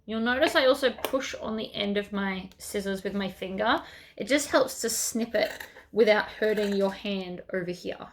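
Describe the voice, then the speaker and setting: A woman's voice: medium pitch, moderate pace, a little hiss or hum. A woman hosting a sewing tutorial, chatting casually as she works through each step.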